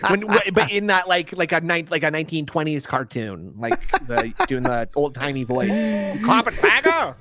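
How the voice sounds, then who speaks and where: A man's voice: on the high side, lively intonation, normal speed, hardly any pauses, fairly bright tone, slight background noise. A man co-hosting a casual podcast, bantering and mocking a streamer with lots of filler words. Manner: mocking, chatty, many fillers. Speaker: podcast co-host.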